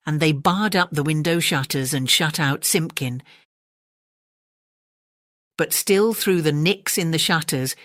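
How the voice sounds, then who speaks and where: A woman with an English accent reading a classic children's story aloud, gentle and expressive. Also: sits low, a little slow, no echo, clean studio sound. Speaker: audiobook narrator.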